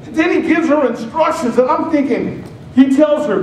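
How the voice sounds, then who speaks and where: A man's voice: extremely high pitch, normal speed, few pauses, a little mellow. A male pastor preaching in a conversational, joking way, acting out the scenes he describes. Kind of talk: sermon. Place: church sanctuary. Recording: very echoey hall, mic far off, faint hiss.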